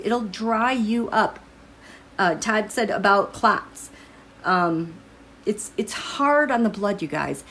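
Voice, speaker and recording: A woman's voice: medium pitch, a bit bright, slight background noise. A woman giving a casual tarot and astrology reading to her viewers, musing aloud as she turns over cards. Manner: musing, thinking aloud while drawing cards.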